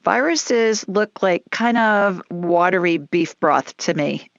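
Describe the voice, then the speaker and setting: A woman's voice: fairly low pitch, expressive, takes it slowly, gravelly, dry recording, muffled recording. A woman hosting a psychic call-in radio show, chatty and down-to-earth, with folksy phrases. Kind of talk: call-in show, casual and reassuring.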